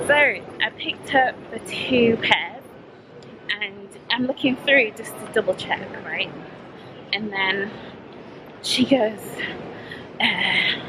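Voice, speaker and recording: A young woman from Yorkshire with a Yorkshire accent tells a shopping story in a casual vlog, blunt and animated, acting out both sides of the exchange. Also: a little high, measured pace, pauses often, background noise. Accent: Yorkshire English. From Yorkshire, England. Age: young adult. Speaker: vlogger.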